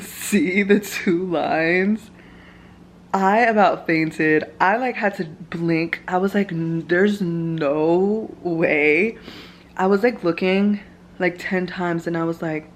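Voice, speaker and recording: A woman's voice: on the low side, unhurried, a little hiss or hum. A young woman vlogging at home, telling a personal story in casual chat full of "like" fillers. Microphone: camera mic, filming herself.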